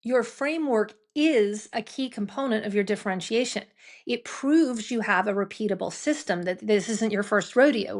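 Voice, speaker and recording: A middle-aged woman hosting a business podcast, talking to listeners in a brisk, conversational coaching tone full of "right?" asides. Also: medium pitch. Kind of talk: solo talk to listeners.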